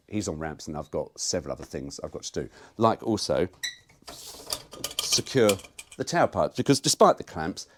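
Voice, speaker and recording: A man talking casually to camera about working on his car, rambling and jokey with the odd swear word. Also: sits low. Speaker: car vlogger. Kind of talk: casual workshop chat to camera.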